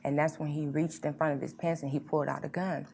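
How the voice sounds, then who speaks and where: A woman sharing a personal testimony as an interview guest, earnest and quietly reflective. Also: low voice, flat delivery, fast talker, creaky, a little hiss or hum. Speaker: guest sharing her story.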